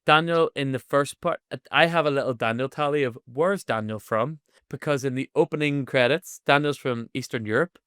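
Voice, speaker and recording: A man co-hosting a podcast, running through an episode in a lively, sweary way and laughing often. His voice is smooth and clear, recorded close and dry with no room sound. He sits at a mid pitch for a man. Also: moderate pace, few pauses, dry recording. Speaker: podcast co-host. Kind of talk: casual chat recapping an episode.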